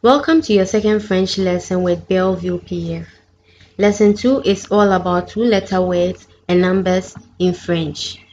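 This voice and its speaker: Woman language teacher, slow deliberate delivery, muffled lo-fi recording with light hiss. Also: fairly low pitch, fairly even intonation, a little mellow. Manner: clear, careful pronunciation of each example. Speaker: French teacher. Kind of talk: slow, deliberate lesson narration. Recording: dull lo-fi sound with faint background noise.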